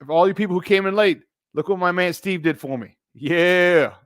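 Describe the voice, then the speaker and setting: A middle-aged man hosting a live sports talk stream, animated and emphatic, repeating his points and greeting viewers by name. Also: high voice, normal speed, clear, resonant tone, no echo, studio quality. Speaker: sports talk show host.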